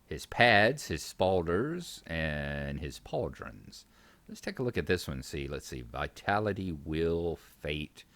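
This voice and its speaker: A man's voice: a bass voice, very animated, slow, fairly bright tone, no echo. A man hosting a game video, reading quest text aloud and chatting casually about the game. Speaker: gaming channel host. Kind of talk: casual gameplay commentary.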